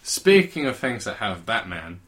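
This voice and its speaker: A man's voice: on the low side, big pitch swings, unhurried, fairly bright tone. A man chatting casually as a podcast co-host, dry and sardonic. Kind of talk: casual chat.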